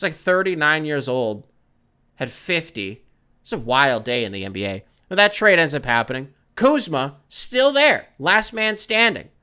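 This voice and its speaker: A man's voice: fairly high pitch, pushed and bright. A man hosting a sports podcast, rambling and joking in casual chat, swearing freely. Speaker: podcast host.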